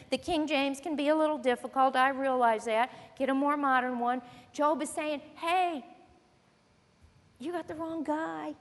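A woman preaching a sermon, teaching earnestly and emphatically as she reads scripture aloud. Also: high-pitched. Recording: long reverb of a large hall.

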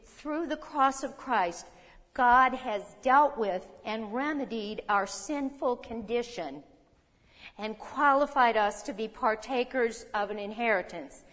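A woman preaching a sermon, reading scripture aloud, explaining it in a teaching manner and asking the audience questions. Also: fairly high pitch. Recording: long hall reverb.

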